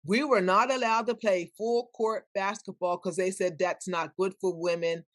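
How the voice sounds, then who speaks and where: A woman's voice: mid-range voice, normal speed, dry recording. An older woman, a podcast guest, telling stories animatedly and acting out the people she quotes. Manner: animated, acts out quoted voices. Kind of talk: storytelling in conversation.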